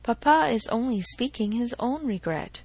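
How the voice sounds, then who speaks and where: A woman voicing a lively, self-assured young woman in a narrated novel, brisk and reassuring. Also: a little high, husky, dry recording.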